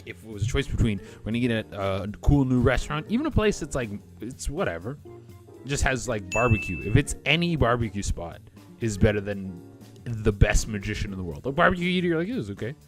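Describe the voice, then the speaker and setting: A man hosting a comedy reaction show, riffing casually with rambling, profane jokes between clips. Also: mid-range voice. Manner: rambling, profane, jokey riffs. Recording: music playing behind.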